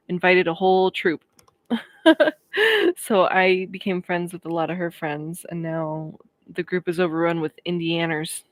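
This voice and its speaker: A woman's voice: lowish voice, no echo. A woman in her thirties from Colorado, chatting casually on a livestream and answering viewers' comments. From Colorado, USA. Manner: chatty, friendly, quick to laugh. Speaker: livestream host. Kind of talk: casual chat reading live comments.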